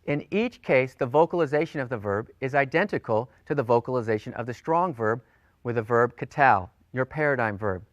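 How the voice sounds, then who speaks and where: A man teaching a recorded grammar lesson, speaking deliberately and repeating forms slowly for drilling. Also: medium pitch, dry recording, dull audio. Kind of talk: recorded lecture.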